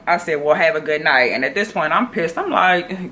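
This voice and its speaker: A woman, telling a personal story to her phone camera in an animated, chatty way. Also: low voice, brisk, hardly any pauses, a little hiss or hum. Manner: chatty, animated, addresses viewers as y'all. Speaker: vlogger.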